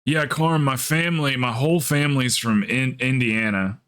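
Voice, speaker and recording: A man's voice: medium pitch, moderate pace, a bit bright, clean tone. A man who grew up in the southern United States, chatting casually on a livestream and thinking aloud as he plans his group's next game run, with frequent fillers. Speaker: livestreamer planning game runs.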